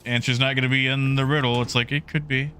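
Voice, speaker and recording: Bright-voiced chatty male streamer. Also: mid-range voice, level tone, fast talker, a little hiss or hum. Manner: chatty, greets chatters by name. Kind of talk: casual livestream chat.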